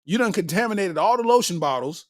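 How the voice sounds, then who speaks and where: A man's voice: sits high, animated, quick pace, no room sound, studio quality. A man hosting a comedy podcast, riffing casually in heavy slang and laughing constantly between lines. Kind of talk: casual comedic chat reacting to viewer comments.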